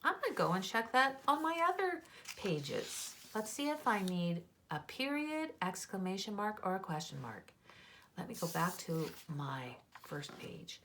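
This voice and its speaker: A woman teaching young children to write, sounding out letters slowly and exaggerating her voice. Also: medium pitch, very animated, fairly bright tone, slight background noise.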